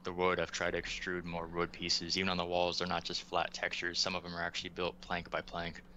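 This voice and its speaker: A man's voice: sits low, completely flat delivery, a little fast, highs cut off, background noise. A man from the United States, a game asset developer, talking casually and enthusiastically about his work with many ums. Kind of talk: casual interview chat.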